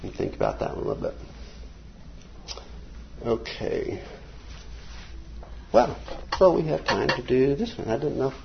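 A man teaching an informal Bible class from slides, rambling between points and reading quotes slowly and emphatically. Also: medium pitch, wildly swooping pitch, creaky, a little hiss or hum. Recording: dull lo-fi recording.

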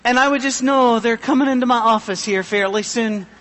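High-voiced joking middle-aged man preaching. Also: fairly quick, fairly bright tone, big-room sound. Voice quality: high, thin voice. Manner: self-deprecating, joking. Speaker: pastor. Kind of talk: humorous sermon.

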